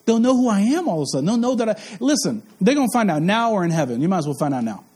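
A man's voice: high-pitched, big pitch swings, rapid-fire, darkish tone, breathy edge. A man preaching a sermon with passion, repeating phrases and putting questions to his listeners. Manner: impassioned, repetitive, asks the crowd questions. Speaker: pastor.

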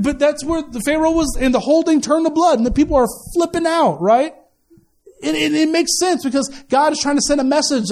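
A man's voice: very high-pitched, a little mellow. A male pastor preaching a sermon in a conversational, joking way, often repeating words as he starts a sentence.

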